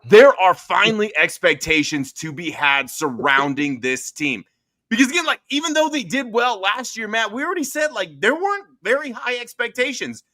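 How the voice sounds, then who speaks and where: A male podcast host with a high, lively voice that swoops around as he teases his guest. His bright, sharp tone sits close and dry on the mic. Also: normal speed, no room sound. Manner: playful, teasing, wordy rants. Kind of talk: casual podcast chat.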